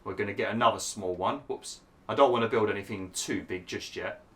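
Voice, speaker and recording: A man hosting a gaming channel, explaining a park-building game step by step with lots of fillers while his voice is going hoarse. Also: fairly low pitch, brisk, a bit bright, a little hiss or hum. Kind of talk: casual gameplay commentary.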